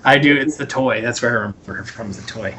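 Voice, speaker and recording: A man's voice: medium pitch, fast, bright, forceful tone, a little hiss or hum. A man co-hosting a podcast, casually recapping a movie and acting out lines from its scenes. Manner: rambling, retells scenes in quoted voices. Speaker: podcast co-host.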